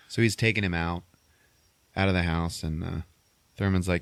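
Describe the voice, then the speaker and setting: Male podcast host, lowish voice, rambly comedic recap, laughs a lot, dry close mic. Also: fairly even intonation, normal speed, pauses often, clear, resonant tone, no room sound. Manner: rambling, laughs often, swears casually. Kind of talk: casual comedic movie recap.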